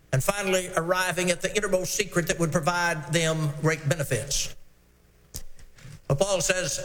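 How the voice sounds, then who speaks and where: A man preaching a sermon, reading scripture slowly and stressing single words. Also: high voice, a bit bright, a little hiss or hum. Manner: measured, emphatic scripture reading. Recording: long hall reverb.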